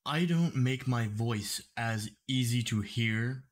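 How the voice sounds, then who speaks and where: Man explaining carefully in commentary. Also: medium pitch. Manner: explanatory, deliberately clear speech. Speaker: YouTube commentator.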